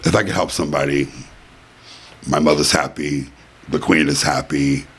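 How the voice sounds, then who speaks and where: A man's voice: extremely low pitch, fairly even intonation, moderate pace, fairly bright tone, breathy edge. A middle-aged man hosting a casual home podcast, rambling and chatty, full of "basically" and "you know". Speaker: podcast host. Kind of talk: casual chat. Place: white-furnished room at home.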